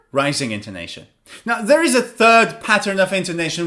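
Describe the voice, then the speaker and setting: A man teaching English pronunciation, demonstrating stress and intonation patterns with slow, exaggerated examples. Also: sits high, very animated, bright, forceful tone. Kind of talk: lesson narration with spoken examples.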